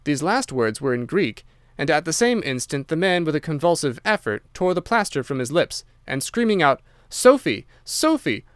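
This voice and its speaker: A male audiobook narrator reading a classic tale in a measured, even storytelling manner. His voice is smooth and resonant at a middle pitch. The recording is close and dry. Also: no room sound.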